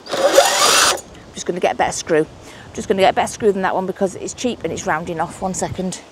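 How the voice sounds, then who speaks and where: A woman's voice: lowish voice, wildly swooping pitch, brisk. A woman with a Northern English accent chatting to camera as she works on her windy allotment, thinking aloud and laughing at herself. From England. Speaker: allotment vlogger. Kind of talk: casual chat to camera while working. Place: windy outdoor allotment garden.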